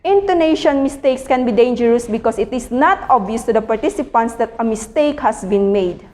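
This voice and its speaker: A fairly high-voiced woman reads a textbook aloud as a lecture, careful and measured, now and then correcting a slip. Her voice carries a long reverb tail, as if it were recorded in a large hall. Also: animated, a little mellow. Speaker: teacher presenting a reading.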